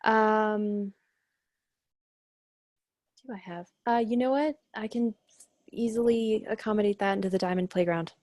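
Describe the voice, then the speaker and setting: A woman's voice: medium pitch, fairly even intonation, unhurried, long pauses, a little mellow, dry recording. Upbeat woman healer, dry close sound. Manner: spontaneous and upbeat, loose and chatty. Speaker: energy healer and coach. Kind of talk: casual live stream chat.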